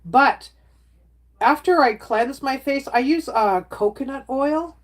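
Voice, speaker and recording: A woman's voice: high-pitched, takes it slowly. A middle-aged woman chatting casually on a livestream, rambling from topic to topic and reacting to viewer comments.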